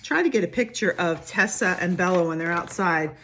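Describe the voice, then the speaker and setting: A woman's voice: fairly low pitch, fairly bright tone, a little hiss or hum. A woman preschool teacher reading a picture book and explaining worksheets, patient and encouraging, asking the little ones questions as she goes. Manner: slow, patient and encouraging, asks the children questions. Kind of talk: reading a picture book and walking through worksheets for small children.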